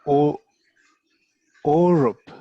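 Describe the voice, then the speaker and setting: Man, language student, hesitant, very slow speech, husky voice. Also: on the high side, dry recording, dull audio. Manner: hesitant, slowly sounding out words. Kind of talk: one-on-one language lesson.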